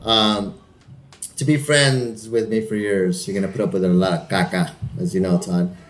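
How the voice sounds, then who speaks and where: A man's voice: on the low side, steady tone, background noise. A man hosting a casual chat who jokes, swears freely and laughs often. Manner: swearing, joking, quick to laugh.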